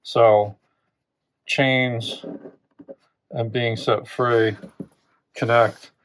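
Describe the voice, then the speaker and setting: A man's voice: medium pitch, level tone, drawn-out words, a little hiss or hum. A man hosting a channel, giving an unscripted close reading of song lyrics, thinking aloud with rhetorical questions and frequent restarts. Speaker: literature teacher and channel host.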